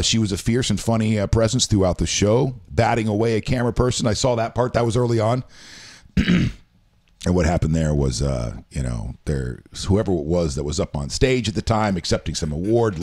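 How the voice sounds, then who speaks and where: A man co-hosting a casual talk show, rambling and reading news items aloud with his own asides. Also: on the low side. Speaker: show co-host. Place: home.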